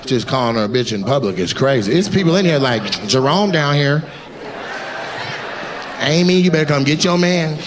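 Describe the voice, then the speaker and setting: A man's voice: on the high side, normal speed. A male stand-up comedian doing crowd work, teasing audience members in a brash, profane way. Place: live comedy venue with audience. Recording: live show with crowd and noise.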